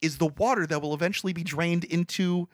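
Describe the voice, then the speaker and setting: A man co-hosting a podcast, casually retelling a movie plot in a rambling, animated way, full of fillers. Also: a little high, fairly quick, dry recording, studio quality. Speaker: podcast co-host.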